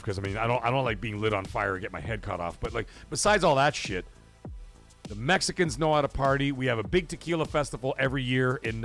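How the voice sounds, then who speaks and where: A middle-aged man hosting a livestream in casual chat, animated and swearing, loudly thanking donors. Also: medium pitch. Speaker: livestream host.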